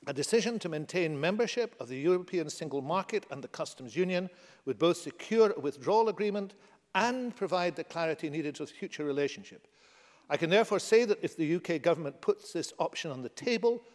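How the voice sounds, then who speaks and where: A man from Scotland, a government minister, delivering a formal parliamentary statement and rebuttal in a forceful, combative debating manner. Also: fairly high pitch. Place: debating chamber. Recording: long chamber reverb.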